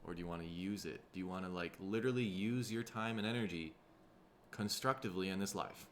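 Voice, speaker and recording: A podcast host from Minnesota, USA, with a somewhat low voice rambles through a loose solo monologue, talking fast. He sounds tired, his throat is rough, and his manner is laid-back and profane, with faint noise beneath his voice.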